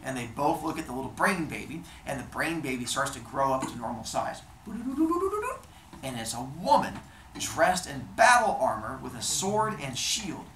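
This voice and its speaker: A man telling a comic myth in an animated, playful way, hosting his show. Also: mid-range voice, unhurried, a little hiss or hum. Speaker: storyteller host. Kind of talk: comic storytelling. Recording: roomy echo.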